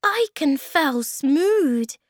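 A woman voicing two tiny timid creatures who speak slowly in a high voice and swap the sounds of their words. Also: expressive, no echo, clean studio sound, exaggerated voice. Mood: squeaky. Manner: slow, high, squeaky, mixes up word sounds.

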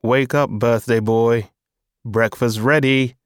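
A man's voice: mid-range voice, steady tone, takes it slowly, clear, resonant tone, no room sound, studio quality, natural voice. A man playing a worried young man, a caring older brother, in an audiobook reading. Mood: anxious calling.

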